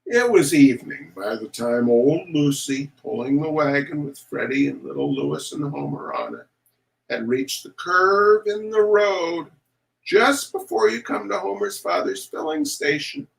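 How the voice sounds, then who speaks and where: Animated man reading a children's story. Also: on the high side, a little slow, vocal fry, rough recording. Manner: animated, showing pictures to listeners.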